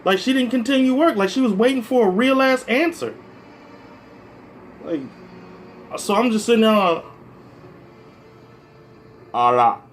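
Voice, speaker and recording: A man's voice: very high-pitched, moderate pace, pauses often, faint music behind. A man from the American Midwest, a stand-up comedian, talking in a casual, rambling vlog monologue full of "like" and "you know" and some swearing.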